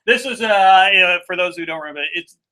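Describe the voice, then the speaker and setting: A man hosting a live comedy podcast, chatty with quick asides. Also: sits high, sharp tone. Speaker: podcast host. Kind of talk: casual chat.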